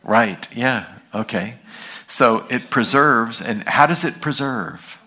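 A man's voice: medium pitch, slow, sharp tone. A man pastor teaching an evening sermon, reading scripture and asking the congregation questions in a conversational way.

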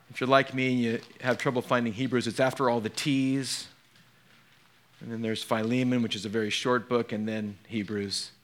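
A male pastor preaching a sermon in an animated way, moving between hushed and emphatic and putting questions straight to his congregation. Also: mid-range voice.

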